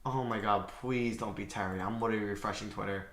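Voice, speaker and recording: Young male streamer, excitable live-reaction host; bright, lively delivery, roomy echo. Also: lowish voice, fast. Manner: excitable, swings between shouting and muttering while reading chat. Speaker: livestream host.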